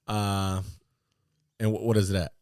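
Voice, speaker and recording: A man co-hosting a casual podcast chat, rambling with lots of fillers and sudden excited outbursts. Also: low-pitched, a little slow, smooth, dry recording, clean studio sound. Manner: animated, excitable bursts between rambling fillers. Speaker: podcast co-host.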